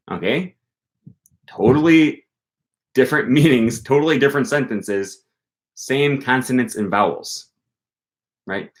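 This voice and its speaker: A man's voice: mid-range voice, normal speed, long pauses. A young man casually explaining language learning to his viewers, chatty, with frequent ums and okays and emphatic stresses in his examples. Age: young adult. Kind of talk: casual explanatory talk answering viewer questions.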